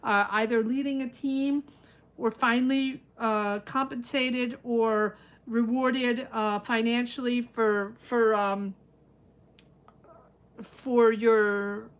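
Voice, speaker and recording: A woman's voice: fairly high pitch, fairly even intonation, slow. A middle-aged woman giving a live-stream tarot reading, musing aloud and talking to viewers by name. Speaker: tarot reader.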